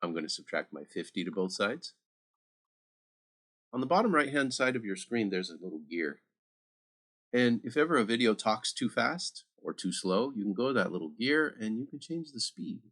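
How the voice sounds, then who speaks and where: A man's voice: on the low side, very animated, moderate pace, a bit bright. A man teaching math over a screen recording, chatty and talking straight to his students with little asides.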